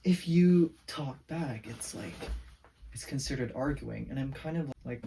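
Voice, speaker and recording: A man's voice: mid-range voice, measured pace, vocal fry, mellow, recorded from a distance, a little hiss or hum. A teenage boy venting in a casual rambling vlog, saying "like" constantly. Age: teens. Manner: rambling, heavy use of "like", venting. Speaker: vlogger.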